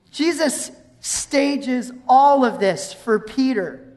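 A woman preaching a sermon in a conversational, animated way, reading verses and acting out scenes. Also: a little high, a little slow. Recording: long hall reverb.

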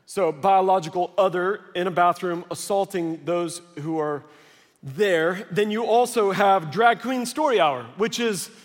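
Male pastor, high voice, lively storyteller preaching in a big reverberant church. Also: measured pace. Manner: animated storytelling with acted quotes. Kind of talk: sermon. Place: large church hall. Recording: long hall reverb.

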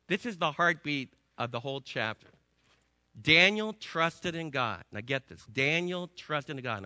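Male pastor preaching to the room, sharp edgy voice, dry close sound, punchy storytelling. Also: fairly high pitch, no echo. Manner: emphatic storytelling preacher, swinging between loud and hushed. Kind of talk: sermon.

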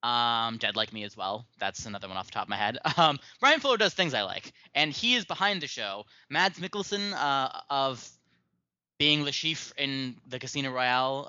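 A man's voice: mid-range voice, bright, forceful tone, dry recording, highs cut off. A man hosting a podcast in casual chat, rambling and self-mocking with lots of ums and uhs. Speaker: podcast host.

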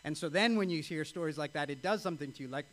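A male pastor with a somewhat high voice, preaching. He reads a story aloud with feeling, then turns to speak earnestly to the congregation. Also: fast talker, fairly bright tone. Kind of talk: sermon with read-aloud story.

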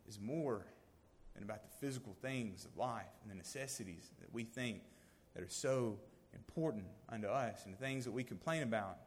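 A man giving a sermon, swinging from loud emphasis to hushed, near-whispered lines. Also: lowish voice, lively intonation, normal speed, long reverb tail, a little hiss or hum. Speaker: lay preacher.

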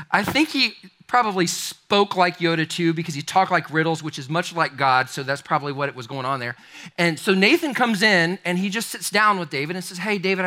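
A man preaching a sermon, telling a story in an animated, conversational way that speaks straight to his listeners. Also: high-pitched. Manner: animated, conversational, addresses the congregation directly. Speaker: pastor.

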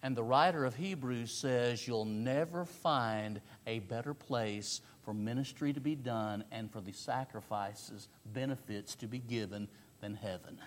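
A man preaching an expository sermon, emphatic, asking rhetorical questions and swinging between loud and quiet. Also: mid-range voice. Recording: long reverb of a large hall.

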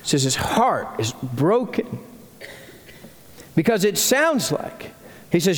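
A man preaching a sermon as senior pastor, telling the story in an animated way with frequent restarts. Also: high voice, a little slow, long reverb tail.

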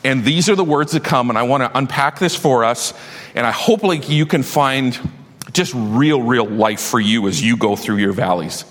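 A man's voice: mid-range voice, normal speed, fairly bright tone, big-room sound. A man preaching a sermon as pastor, passionate and building to emphatic declarations.

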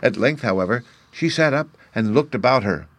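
A man reading a storybook aloud as an audiobook narrator, calm and even. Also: medium pitch, normal speed, dry recording.

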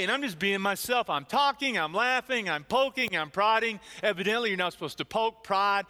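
Older preacher telling stories in an echoing church. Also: male voice, high voice, bright, forceful tone. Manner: storytelling, self-deprecating, frequent restarts. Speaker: pastor. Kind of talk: sermon. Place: church sanctuary.

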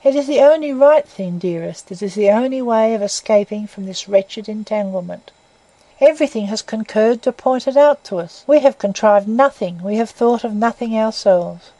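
A woman reading the part of an earnest young man who pleads with his love in a slow, deep tone. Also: warm tone, no echo, close to an everyday voice, low-quality recording. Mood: pleading. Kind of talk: audiobook reading.

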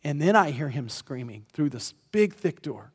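A man's voice: on the high side, big pitch swings, moderate pace, husky. A pastor delivering a sermon, telling a personal story earnestly and pressing his points with emphatic repetition. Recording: long reverb of a large hall.

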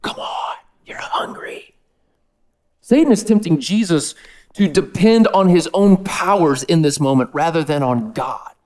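Male pastor, sermon, high voice, energetic, slangy. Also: normal speed.

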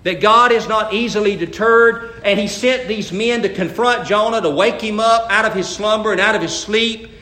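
Folksy male preacher, bright and high, restarts often, echo in the room. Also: normal speed, few pauses. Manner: folksy, stammers into restarts, acts out bible characters loudly. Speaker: pastor. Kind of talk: sermon.

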